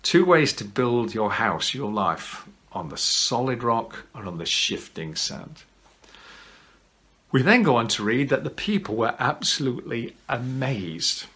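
A man preaching a conversational sermon to camera, gently humorous and emphatic. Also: medium pitch, big pitch swings, unhurried. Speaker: pastor. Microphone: camera at home.

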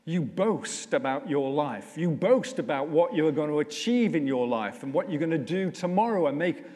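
Male vicar, sermon, lively rising and falling pitch, slightly high voice, conversational and humorous, echoey church. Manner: conversational, humorous, slows down for emphasis. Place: church, indoors.

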